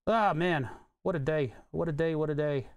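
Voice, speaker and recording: A man with a smooth, clear, somewhat higher voice talks casually through a live-stream while he works on electronics. He mutters to himself between remarks and stops to answer questions from chat. The sound is dry and close, with no room around it. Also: normal speed, no echo.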